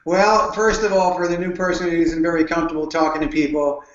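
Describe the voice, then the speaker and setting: A man's voice: a little high, flat delivery, fast. A man answering interview questions about prospecting, telling earnest stories and often restarting his sentences. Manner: storytelling, earnest, with frequent restarts. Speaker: guest speaker on network marketing. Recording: dull, roomy sound.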